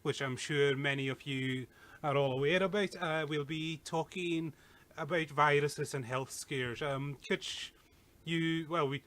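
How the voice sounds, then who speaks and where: A man hosting a podcast, wrapping up casually with fillers and some halting. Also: on the high side, fairly even intonation, fairly bright tone. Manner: informal, a little halting, with fillers. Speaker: podcast host.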